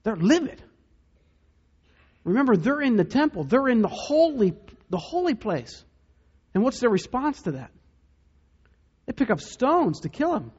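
Pastor guy preaching, husky voice, kinda dull lo-fi recording, goes quiet and slow for the big points. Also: extremely high pitch, very animated. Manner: dramatic, drops to a hush for emphasis. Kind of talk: sermon.

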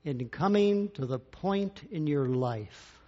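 A man preaching from the pulpit, his voice sitting a touch high for a man. He takes his time and leans on long pauses, swinging between loud declarations and hushed, drawn-out phrases. The recording sounds dull and lo-fi. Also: lively intonation. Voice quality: slow, dramatic delivery with big swings in loudness and long pauses. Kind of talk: sermon.

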